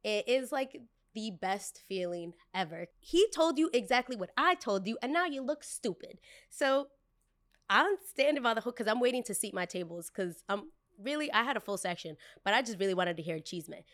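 A young adult woman hosts a storytime vlog. She tells it in a gossipy, animated way, tossing in quick asides as she goes. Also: fairly high pitch. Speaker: host.

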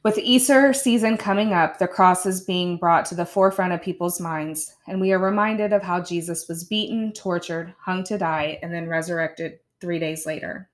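A woman, a podcast host in her thirties, chatting casually with soft laughs and reading her own blog aloud. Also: fairly low pitch, normal speed, hardly any pauses.

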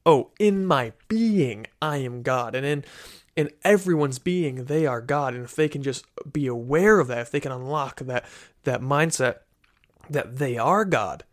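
A man of ordinary pitch talks through a Christian teaching in a casual, conversational manner. He often restarts his sentences and checks in with listeners as he goes. He speaks into a desk microphone in a room with a bookshelf. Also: moderate pace. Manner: conversational, many "right?" tags and restarts. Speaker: Christian teacher, podcast host. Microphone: studio microphone.

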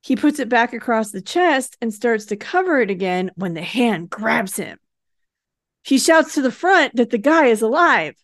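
Retelling a TV episode on a podcast she co-hosts, a woman narrates the plot casually and voices the characters' lines in passing. She speaks at a moderate pace in a high-ish, sing-song voice, recorded clean in a studio with no echo.

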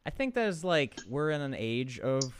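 A young man hosting a casual interview, relaxed, tossing in jokey asides. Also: medium pitch, unhurried, slight background noise. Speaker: podcast host.

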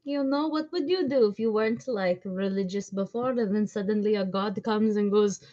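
A woman's voice: medium pitch, normal speed, hardly any pauses, darkish tone, muffled recording. A woman playing a tabletop game, brash and crude, joking with lots of swearing. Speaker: player. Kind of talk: casual in-character tabletop chat.

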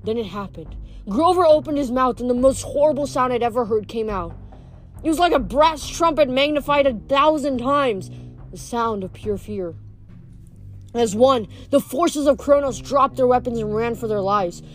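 A woman with a fairly high voice reads a novel aloud, steady and plain, now and then stumbling and correcting herself. Soft music sits faintly behind her. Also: normal speed. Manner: steady reading with small slips and self-corrections. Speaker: reader.

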